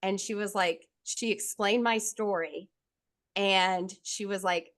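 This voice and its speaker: A woman in her thirties telling her own story in candid conversation, blunt and profane, getting animated when she quotes others. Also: mid-range voice, slow pace, dry recording.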